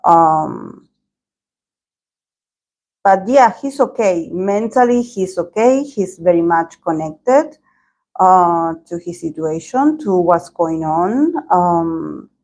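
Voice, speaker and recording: A woman doing a tarot reading for her channel, her voice sitting a little low. She talks in an unhurried, drawn-out way, wandering and hedging through her thoughts with frequent pauses. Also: animated, darkish tone, poor audio. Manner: meandering, hedging talk with many pauses. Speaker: tarot reader.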